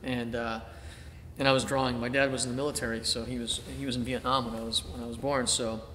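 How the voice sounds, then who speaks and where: A man's voice: medium pitch, fast, slight background noise. Middle-aged man telling stories in an echoey hall. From Boston, Massachusetts, USA. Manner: animated anecdotes with acted-out inner thoughts, many fillers. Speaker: artist being interviewed. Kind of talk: casual storytelling interview. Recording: roomy echo with long reverb, faint ambience.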